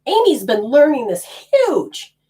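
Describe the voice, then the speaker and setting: A woman's voice: high-pitched, big pitch swings, takes it slowly, mellow. A middle-aged woman teaching energy healing to a group in a casual, blunt way, swearing now and then.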